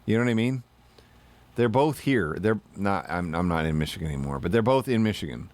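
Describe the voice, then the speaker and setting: A man streaming live, telling rambling, profane stories in casual chat and now and then bursting into shouted put-on voices. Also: sits low, expressive, brisk.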